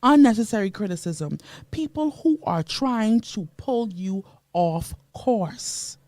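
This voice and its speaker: A woman's voice: medium pitch, animated, slow pace, a little mellow, no room sound. A woman from the Bahamas hosting a motivational radio show, emphatic and preachy, greeting listeners by name from a studio mic.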